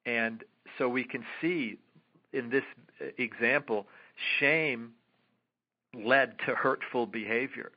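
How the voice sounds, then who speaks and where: A man being interviewed as a guest author, explaining at length in a halting way with many fillers and restarts. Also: medium pitch, slightly rough. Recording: dull lo-fi audio.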